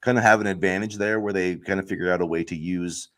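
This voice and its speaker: A man talks sports on a podcast with a somewhat low voice. He rants heatedly and rambles, packing his talk with filler words. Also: steady tone, quick pace, a bit bright. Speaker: podcast co-host. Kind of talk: casual sports chat.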